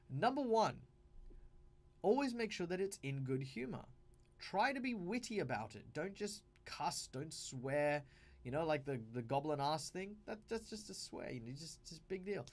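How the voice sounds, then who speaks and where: A man's voice: a little high, sing-song, moderate pace. An Australian man hosting a tabletop game advice video, talking casually and emphatically with lots of fillers and restarts.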